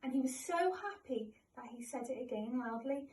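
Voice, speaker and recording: A woman reading a children's picture book aloud as a storyteller, in an expressive reading voice. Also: high voice, normal speed, few pauses, distant mic, a little hiss or hum, poor audio.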